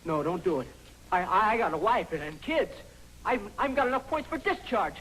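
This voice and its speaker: An actor playing a nervous army clerk in a 1950s film comedy, anxious and stammering. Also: male voice, high-pitched, big pitch swings, moderate pace, a bit bright, a little hiss or hum, low-quality recording.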